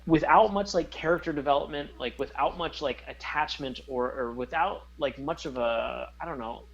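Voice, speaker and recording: A man co-hosting a podcast in casual chat, rambling and animated as he searches for words. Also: on the high side, moderate pace, creaky, lo-fi sound. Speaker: podcast co-host.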